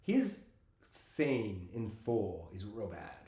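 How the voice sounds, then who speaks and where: A man co-hosting a casual movie chat, animated and laughing often as he acts out scenes. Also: on the low side, very slow. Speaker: podcast co-host. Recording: roomy echo.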